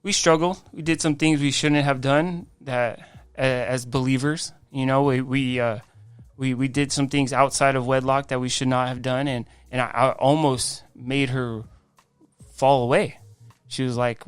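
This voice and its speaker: A man, a guest on a faith podcast, telling his life story in an animated way, acting out quoted dialogue. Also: mid-range voice, moderate pace, clear, resonant tone, no echo. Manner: frequent restarts and "I'm like" quoting.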